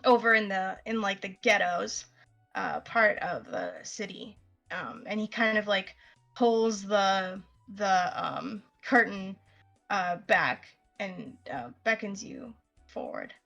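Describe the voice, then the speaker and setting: Slow-talking woman game master. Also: mid-range voice, vocal fry, muffled recording, faint music behind. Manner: relaxed, filler-heavy narration. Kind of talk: narrating a tabletop game.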